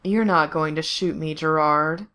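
A cruel, soft-spoken male villain, as a woman reader puts him on in a storybook reading. He drawls slowly and quietly, with a low, menacing calm. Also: gravelly. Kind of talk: fan fiction reading.

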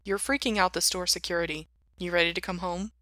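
A woman voicing a gentle, caring young man who soothes his friend. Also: lowish voice, fairly even intonation, quick pace, no room sound.

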